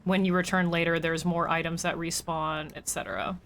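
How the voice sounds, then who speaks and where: A woman's voice: on the low side, little pitch movement, fairly quick, a bit bright. A woman streamer chatting casually as she plays, thinking aloud and talking to her viewers. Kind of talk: casual gameplay commentary.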